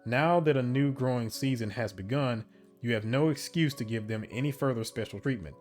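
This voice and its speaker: A game streamer with a mid-range voice reads an interactive story game's narration aloud in a steady storybook manner, breaking off for casual asides about his choices and laughing at his slips. He speaks a little fast, with soft music in the background.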